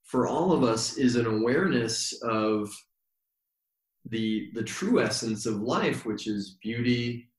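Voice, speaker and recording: A man guest on an interview, telling stories in a reflective, meandering way and slowing down for emphasis. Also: mid-range voice, lively intonation. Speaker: yoga teacher, podcast guest. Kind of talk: relaxed storytelling interview. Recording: roomy echo.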